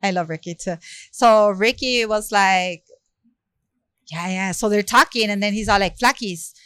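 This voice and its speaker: Telling a story at a measured pace, a woman rapper from South Central LA sounds smooth and lively as an interview guest in a relaxed setting. She voices every quote with energy and uses many "you know" and "like" fillers, her mid-pitched voice captured close and dry with no room sound.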